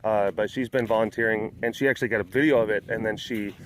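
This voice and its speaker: A man's voice: on the low side, steady tone, fast talker, a little hiss or hum. A man hosting a casual vlog from outdoors at a big cat sanctuary, where he guides tours. He rambles and jokes, with many fillers and restarts.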